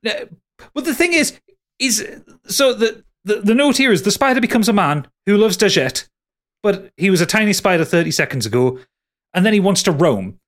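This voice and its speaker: A man's voice: high voice, expressive, normal speed. A man, co-hosting a casual podcast, recapping a bad film in a sweary, exasperated way with many restarts. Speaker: podcast co-host reviewing a film. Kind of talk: casual chat.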